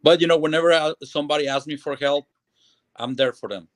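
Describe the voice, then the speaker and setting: A man talking earnestly and haltingly on a radio show. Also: a little high, dry recording. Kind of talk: casual talk radio chat. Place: talk radio studio.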